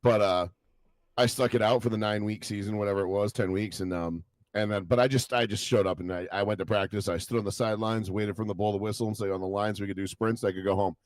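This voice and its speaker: A young man co-hosting a podcast, rambling through stories in casual chat, swearing a lot and acting out what people said in lively voices. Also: on the low side, fast, no echo. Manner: rambling storytelling, heavy swearing, animated quoted voices. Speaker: podcast co-host.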